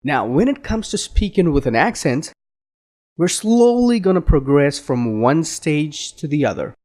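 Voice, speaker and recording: Male accent trainer, unhurried instructional delivery, animated slightly high pitch. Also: soft background music. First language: Indian. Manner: slow, deliberate, drawn-out explanations. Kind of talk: instructional lesson.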